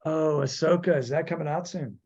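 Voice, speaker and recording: A man hosting a podcast in casual chat, rambling and animated, acting out quotes as he goes. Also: on the high side, a little fast, slightly rough. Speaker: podcast host. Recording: dull lo-fi audio.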